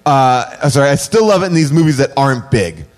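Sarcastic man reading reviews, lively pitch. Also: fast. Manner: sarcastic, laughing through mock readings. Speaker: podcast co-host. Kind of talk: comedic podcast banter, reading reviews aloud.

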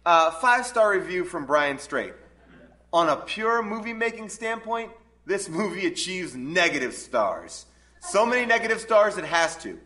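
A man's voice: high-pitched, very animated, unhurried, bright, forceful tone. A man hosting a live comedy movie review show, joking with the audience and laughing often.

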